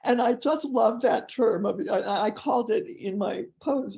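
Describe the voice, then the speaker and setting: A woman's voice: a little high, unhurried, vocal fry, dark tone. A woman author telling stories in an interview on a video call, earnest and quoting past dialogue. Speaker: author guest. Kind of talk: storytelling in an interview.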